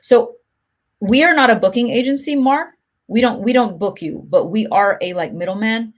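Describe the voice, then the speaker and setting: A woman's voice: on the high side, moderate pace. A woman hosting a casual livestream, answering viewers' comments in a chatty, upbeat way full of "like" and "you know". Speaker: music promotion host answering live comments.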